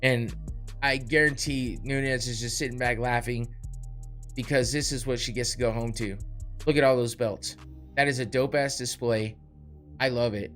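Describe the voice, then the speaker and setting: A man's voice: medium pitch, fairly even intonation, moderate pace, fairly bright tone, soft background music. A man hosting a podcast, ranting heatedly with blunt swearing and short laughs. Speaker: podcast host. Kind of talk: heated profane rant.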